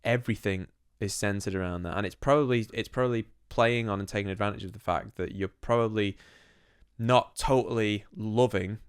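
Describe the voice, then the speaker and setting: A man co-hosting a chatty podcast, rattling along at a quick pace in a lowish, smooth voice. He talks bluntly, swears freely and often restarts his sentences. The sound is close and dry. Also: steady tone, no room sound. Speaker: podcast co-host. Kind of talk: casual podcast chat.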